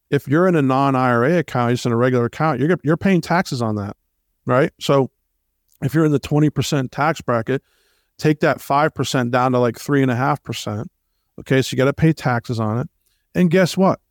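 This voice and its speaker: A man's voice: medium pitch, darkish tone, dry recording, clean studio sound. A man hosting a retirement planning show, making his case in a persuasive radio monologue full of rhetorical questions and asides to the listeners.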